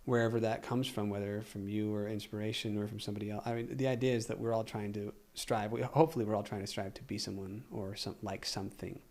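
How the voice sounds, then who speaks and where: A man's voice: lowish voice, flat delivery, fast talker, few pauses, a little mellow. A young adult man, a podcast guest, telling a long story in a rambling way and acting out quotes. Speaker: podcast guest, singer and actor. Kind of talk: casual interview talk.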